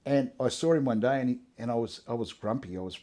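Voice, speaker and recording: A middle-aged man talks in a warm, mellow voice. He is relaxed and conversational, and he often restarts his sentences. His tone is earnest and his manner is plain. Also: mid-range voice, fast. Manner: earnest, conversational, frequent restarts and "you know". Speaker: interviewee sharing his testimony. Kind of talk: casual interview.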